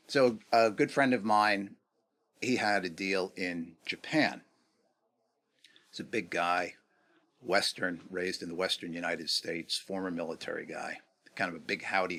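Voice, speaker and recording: Lively middle-aged man telling stories. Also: low-pitched. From New York. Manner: animated anecdotes, rhetorical questions. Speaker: guest, negotiation expert. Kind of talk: casual interview storytelling.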